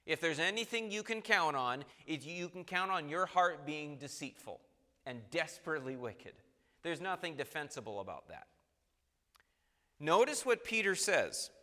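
Man preaching, kinda high bright voice, big echoey hall. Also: big pitch swings, normal speed. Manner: emphatic, rising to forceful peaks. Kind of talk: sermon.

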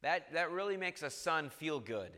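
A man preaching a sermon, earnest and halting, with repeated restarts, reading scripture aloud. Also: a little high, animated, pushed and bright. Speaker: pastor. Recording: long reverb of a hall.

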